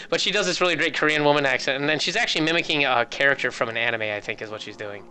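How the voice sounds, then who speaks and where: A man's voice: fairly high pitch, quick pace, bright, forceful tone, clean tone. A man casting a game tournament, chatting casually and rambling through joking stories. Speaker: esports caster. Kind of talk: casual chat.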